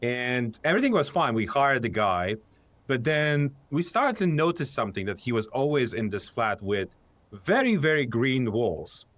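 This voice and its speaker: A man with a mid-range voice talks as a guest on a podcast, easygoing and conversational. He pauses now and then to find his words, and the recording is dry with no room sound. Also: mid-range voice, no room sound. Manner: relaxed, searching for words, a few restarts. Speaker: company founder, podcast guest. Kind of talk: casual interview conversation.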